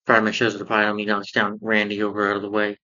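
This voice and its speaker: A man with a fairly low voice walks through a cartoon episode in a loose, rambling recap, leaning on "you know" and restarting his sentences. The sound is dull and lo-fi. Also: completely flat delivery, very fast, bright, forceful tone. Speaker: cartoon reviewer. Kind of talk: casual spoken review.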